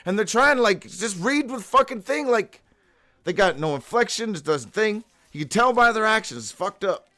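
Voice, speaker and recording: Hosting his daily live show, a man stumbles through a profane, free-associating monologue read from his own notes, punctuated by sudden whoops. His voice sits high and sounds expressive and sharp, moving at a normal speed.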